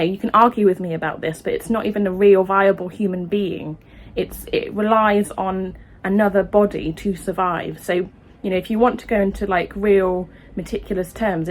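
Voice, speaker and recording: A woman speaking her opinion in a vlog, emotional and impassioned, halting with frequent restarts and ums. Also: medium pitch. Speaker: vlogger.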